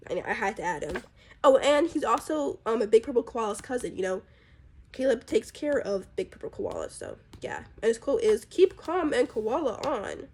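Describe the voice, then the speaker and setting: A woman's voice: mid-range voice, a little mellow, slightly rough. A woman casually chatting about her drawn characters, rambling and chatty, with plenty of fillers. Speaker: artist presenting her characters. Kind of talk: casual chat.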